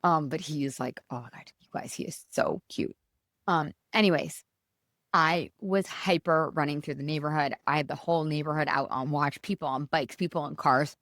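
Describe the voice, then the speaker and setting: A woman's voice: moderate pace, fairly bright tone, no echo. Woman, podcast host, bubbly, chatty, swooping voice, dry close sound. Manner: bubbly and chatty, swinging pitch, fillers like "you guys". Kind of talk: casual motivational podcast talk.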